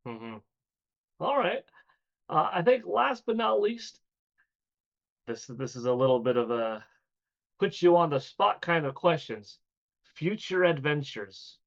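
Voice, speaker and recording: Gravelly interviewer with lo-fi sound. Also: male voice, on the high side, very animated, a little slow, pauses often. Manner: chatty, rambling questions. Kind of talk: casual online interview. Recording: dull lo-fi sound.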